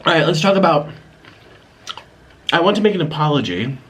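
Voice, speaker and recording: A man's voice: fairly high pitch, very animated, brisk, fairly bright tone, slight background noise. A man hosting an eating vlog, chatting casually and apologetically between bites, sometimes talking with food in his mouth. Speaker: mukbang vlogger. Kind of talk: casual talk while eating on camera.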